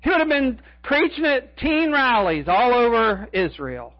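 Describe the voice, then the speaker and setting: A male pastor preaching a sermon in a church, dramatic, swinging between loud cries and hushed asides. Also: very high voice, expressive, unhurried, no room sound, lo-fi sound.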